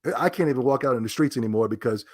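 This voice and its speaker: A man's voice: medium pitch, racing, a little mellow. An indignant man rants through a gaming commentary. His tone is sarcastic and mocking, with a middling voice. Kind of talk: ranting commentary.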